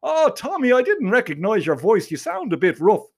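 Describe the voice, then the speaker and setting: A man's voice: high voice, wildly swooping pitch, moderate pace, husky, pitched above the performer's own voice, heavily acted. A man voicing a prim, polite young man who patiently explains himself.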